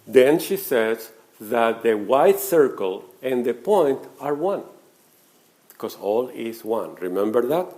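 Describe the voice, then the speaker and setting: Animated man lecturing with an accent. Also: medium pitch, slow. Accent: non-native English accent. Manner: animated, emphatic, with repeated questions to the audience; swings between loud stresses and soft asides. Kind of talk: conference lecture.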